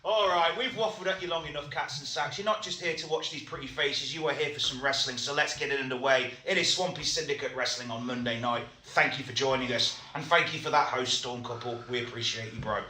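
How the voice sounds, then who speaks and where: Bright-voiced, joking male co-host. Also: mid-range voice, a little fast, hardly any pauses. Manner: loud, joking, swears freely. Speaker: co-host of a wrestling stream. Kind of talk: casual banter. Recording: echoey room.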